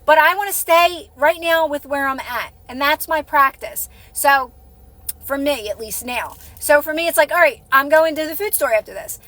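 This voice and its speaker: A woman's voice: high voice, normal speed, sharp tone, no room sound. A woman hosting a live stream, chatting casually and encouragingly with her viewers, rambling and restarting her sentences.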